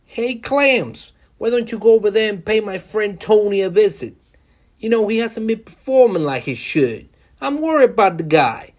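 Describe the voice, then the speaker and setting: A man putting on a high-pitched New York mob boss. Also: expressive, moderate pace. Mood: sly, menacing. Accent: put-on New York mobster. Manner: falsely caring, sly veiled threats.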